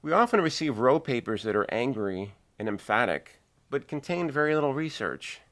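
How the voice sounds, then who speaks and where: A middle-aged man giving a measured, earnest video lesson on writing. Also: medium pitch, very animated, a bit bright. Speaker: writing teacher.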